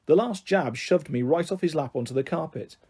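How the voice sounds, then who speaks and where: A man reading a children's storybook aloud in a steady, measured narration. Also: on the high side, slightly rough.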